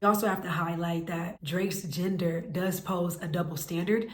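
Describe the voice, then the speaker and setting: A woman's voice: on the low side, fairly even intonation, normal speed. Opinionated woman in an echoey room. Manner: opinionated, analytical. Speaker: commentary host. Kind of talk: scripted commentary.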